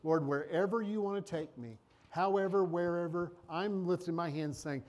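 A man's voice: high voice, moderate pace, a little mellow. A male preacher leading an altar call, fervent and repetitive in his exhortation.

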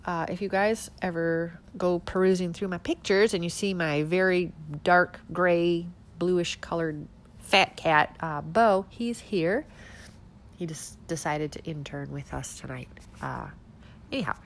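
Sarcastic and animated, a woman hosts casual political commentary, firing off rhetorical questions through a stuffed-up nose. Her voice is fairly low and a little slow.

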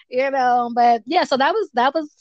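A woman's voice: high-pitched, no echo, muffled recording. A young woman stand-up comedian telling stories in a casual interview, blunt and profane.

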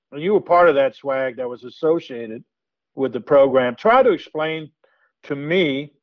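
A man hosting a podcast interview, asking long, measured framing questions. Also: fairly high pitch, dry recording. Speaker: podcast host. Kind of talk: interview host. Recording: dull dry lo-fi audio.

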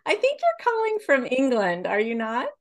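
A woman's voice: high-pitched, wildly swooping pitch, moderate pace. A woman hosting a faith podcast, introducing her guest and asking questions with gushing enthusiasm. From Kentucky, USA. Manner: gushing, effusive. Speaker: podcast host.

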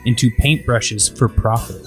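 A man's voice: medium pitch, steady tone, measured pace, soft background music. A man co-hosting a podcast in casual chat, with a dry, wry sense of humor. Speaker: podcast co-host.

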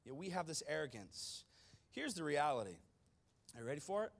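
A male pastor delivering a sermon in a fairly high-pitched voice. He preaches with dramatic emphasis, dropping to a hush and then surging louder. He speaks straight to his congregation. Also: sing-song, fairly quick, gravelly. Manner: dramatic, emphatic, swings from hushed to loud; addresses the congregation directly.

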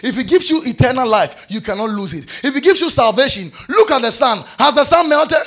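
Male preacher, fervent sermon delivery, high, gravelly voice. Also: expressive, fairly quick. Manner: shouts scripture, then drops to soft prayer.

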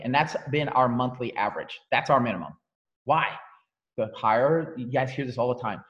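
A man leading a team training call, energetic and emphatic, repeating key phrases for effect. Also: mid-range voice, in a large hall, muffled recording. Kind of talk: motivational training talk on a call.

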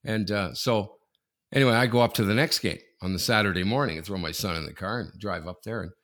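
Bright-voiced man telling a rambling story. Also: on the low side, fast. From Canada. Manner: rambling anecdote with restarts, gets loud and excited. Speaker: podcast co-host. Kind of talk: casual sports talk, storytelling.

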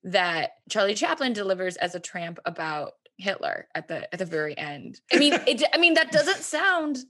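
A woman's voice: mid-range voice, very animated, normal speed, fairly bright tone. A woman in casual podcast chat about a movie, laughing easily and restarting her sentences.

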